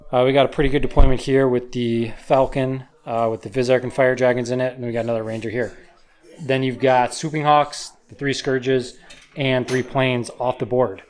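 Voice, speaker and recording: A man in a laid-back, easygoing manner walks through his army and where he placed it. He often pauses with fillers as he talks. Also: mid-range voice. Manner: laid-back, filler-heavy, explains deployment. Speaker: co-host player. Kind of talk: casual battle report talk.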